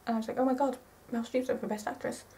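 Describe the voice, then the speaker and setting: A woman in her twenties chatting casually to camera in a rambling, excitable way, often correcting herself. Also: fairly high pitch, racing, far from the mic, poor audio. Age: 20s. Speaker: vlogger.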